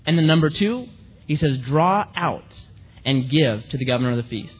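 A man preaching a sermon in an animated way, acting out the voices of the people he quotes. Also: a little high, normal speed, husky. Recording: muffled recording in a reverberant hall.

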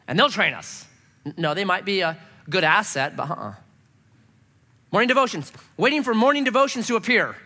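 Animated high-voiced male preacher. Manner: animated storytelling, acts out scenes in voices. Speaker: pastor. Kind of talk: sermon.

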